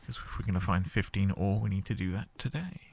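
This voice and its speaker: A man's voice: low-pitched, fast, creaky, darkish tone, husky. A man hosting a game playthrough, chatting casually and explaining the controls step by step. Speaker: gaming host.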